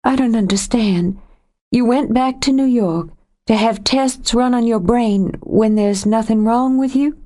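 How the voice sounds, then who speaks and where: A woman voicing a hurt young woman who confronts her lover in a sharp, raised, accusing voice in an audiobook. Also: on the high side, a little slow, pitched above the performer's own voice, close to an everyday voice. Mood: shocked, panicked. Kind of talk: audiobook character voice.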